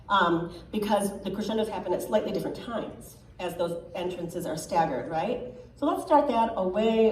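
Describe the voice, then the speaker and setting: A woman coaching a choir as a guest clinician, upbeat and encouraging, giving quick directions. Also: mid-range voice, darkish tone, slight background noise. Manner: upbeat, encouraging, sometimes sings lines to demonstrate. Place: choir rehearsal room. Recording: echoey room from far off, faint ambience.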